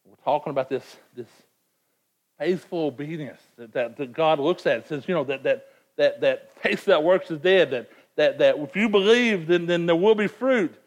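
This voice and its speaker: A man's voice: a little high, moderate pace. A man preaching a sermon in an earnest, emphatic way, often repeating words as he presses a point. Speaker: pastor.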